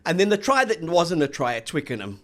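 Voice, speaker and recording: Rambling rugby host. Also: male voice, on the high side, sing-song, fairly quick, fairly bright tone. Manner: rambling, anecdotal storyteller. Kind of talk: casual sports chat.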